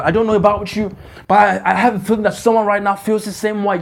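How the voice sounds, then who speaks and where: Man, pastor, high voice, casual sermon, repeats himself, asks the church if they follow. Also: little pitch movement, fast talker, creaky. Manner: repeats phrases, checks in with the congregation. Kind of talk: conversational sermon. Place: church conference.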